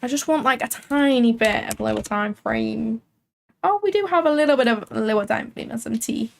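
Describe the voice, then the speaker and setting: A woman's voice: on the high side, lively intonation, moderate pace, creaky, a little hiss or hum. A woman hosting a live trading stream, chatting casually and thinking aloud with frequent filler words. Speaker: livestream trading host.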